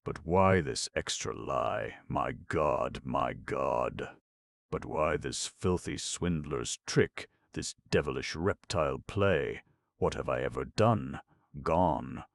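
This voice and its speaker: A man voicing a wealthy, histrionic gentleman who shouts and sobs in anguish, for an audiobook. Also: a bass voice, slow, creaky, dry recording, full character voice. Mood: anguished, shouting. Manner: shouting, sobbing outbursts. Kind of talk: audiobook character reading.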